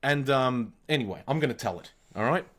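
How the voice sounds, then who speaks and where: A man in his forties with an Australian accent, a podcast co-host telling wild childhood stories in a blunt, profane, animated way. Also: medium pitch, a little fast. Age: 40s. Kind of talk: casual storytelling.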